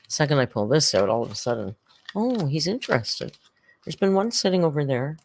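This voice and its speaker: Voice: mid-range voice, very animated, fast, a little mellow, a little hiss or hum. A livestream host in casual reaction chat, rambling and chatty, reading out viewer comments.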